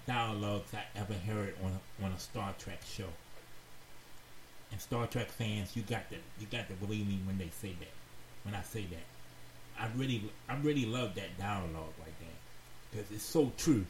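A man hosting a radio talk show, giving heartfelt advice in a slow, earnest, preachy way and repeating phrases for emphasis. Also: fairly low pitch. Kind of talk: heartfelt advice monologue to listeners. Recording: roomy echoey sound with faint background noise.

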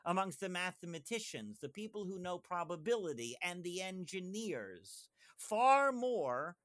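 A man in casual conversation, talking in animated bursts with frequent asides and restarts. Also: sits high. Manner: animated, fast asides and self-interruptions. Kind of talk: conversational discussion.

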